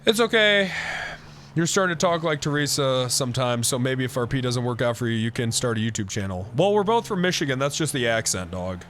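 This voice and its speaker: A man streaming a roleplay game in character, ranting excitably and swearing a lot. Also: medium pitch, fairly quick, slight background noise. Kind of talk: casual in-character roleplay chat.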